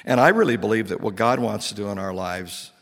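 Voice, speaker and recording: A man giving earnest spiritual teaching, telling a story with animated retold dialogue and many restarts. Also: fairly low pitch, fairly quick, in a large hall. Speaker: Christian speaker and teacher.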